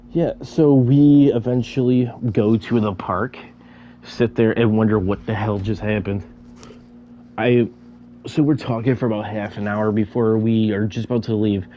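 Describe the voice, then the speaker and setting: Young man, casual storyteller with a stammer, average pitch, light hiss behind him. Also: dull audio. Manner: stammers, repeating syllables many times.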